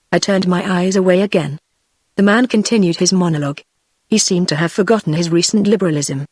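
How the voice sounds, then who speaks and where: This synthetic British-accented female voice, pitched on the low side, reads a classic tale as an audiobook narrator in a steady, even manner. The studio-quality audio carries no echo.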